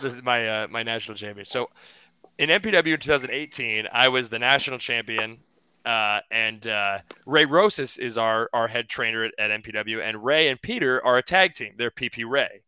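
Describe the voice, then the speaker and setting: A young man chats on a podcast, a wrestler telling a story with lots of restarts and laughs. His voice is bright and smooth, and it is recorded dry and close with no room sound. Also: medium pitch, moderate pace, no echo. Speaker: podcast guest, pro wrestler. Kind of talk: casual podcast chat.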